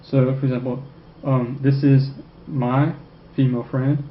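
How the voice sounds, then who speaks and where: A man teaching a French grammar lesson, who keeps checking in with "okay?" and repeats French phrases slowly. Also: mid-range voice, little pitch movement. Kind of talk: recorded classroom lecture. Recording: echoey room, dull lo-fi sound, faint noise.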